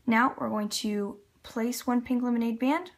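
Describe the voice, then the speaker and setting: At a measured pace and with fairly even intonation, a Canadian woman with a slightly high voice talks viewers through a loom craft step by step. As the chatty host, she laughs a little while working with her hands, filmed on a tripod camera at the table.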